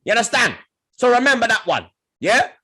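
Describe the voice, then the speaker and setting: A young man throws heated football banter at rival fans, shouting and laughing. His voice sits very high with a bright, forceful edge and a husky grain, and it swings in lively leaps. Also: brisk. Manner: trash-talking, shouty, laughing. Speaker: football podcast host.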